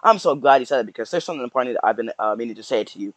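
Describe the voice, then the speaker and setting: A young man doing casual reaction commentary in a loose, slangy ramble. His delivery sounds mock-sorrowful, and his voice has a middling pitch. It is recorded close up in a dry room with no echo. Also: expressive, racing, fairly bright tone. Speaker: YouTuber reacting to posts.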